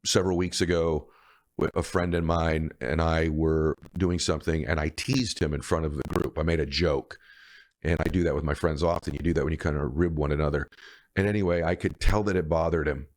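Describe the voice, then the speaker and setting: Man in his fifties, very deep voice, earnest motivational speaker telling stories. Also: fairly quick. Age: 50s. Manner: earnest, emphatic, storytelling. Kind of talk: motivational speech.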